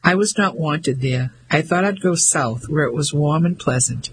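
A man voicing a frightened seventeen-year-old French farm girl who speaks softly and pleads. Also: a little high, normal speed, slight background noise, natural voice, low-quality recording. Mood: timid. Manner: soft, pleading.

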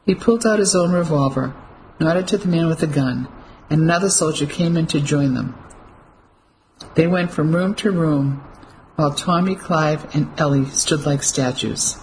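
An audiobook narrator reading a novel in a measured, steady way. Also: mid-range voice, slight background noise, low-quality recording. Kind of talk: scripted narration.

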